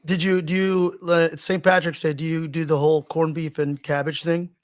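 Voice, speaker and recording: Man, podcast co-host, casual joking chat, fairly high voice, restarts sentences. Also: little pitch movement, normal speed. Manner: loose and joking, often restarts his sentences.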